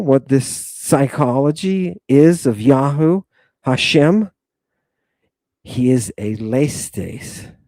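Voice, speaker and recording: A man's voice: mid-range voice, mellow, no room sound, clean studio sound. A man hosting a livestreamed lecture, combative and emphatic, addressing his audience directly and repeating his points. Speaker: host.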